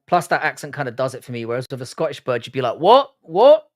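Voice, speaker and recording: A man's voice: medium pitch, racing. An Irish man hosting a live fight watch-along stream, reacting casually and profanely and reading out chat messages. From Ireland. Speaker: livestream host.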